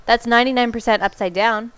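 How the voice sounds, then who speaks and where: A woman's voice: a little high, steady tone, brisk, smooth. A woman giving let's play commentary as she plays, reacting aloud, exclaiming and muttering to herself. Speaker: gamer.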